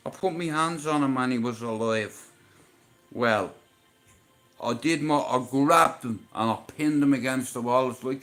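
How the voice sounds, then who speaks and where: Over faint background music, a man speaking at a measured pace shares a personal story on his livestream. It's casual and emotional, with frequent swearing and shifts between quiet and loud.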